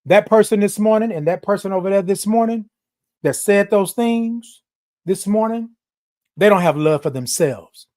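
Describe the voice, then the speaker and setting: A livestream host speaks directly to viewers in animated, passionate and emphatic live-stream talk, raising his voice and repeating lines in a preachy, sermon-like way. His voice is medium-pitched with a darkish tone, and he talks at normal speed.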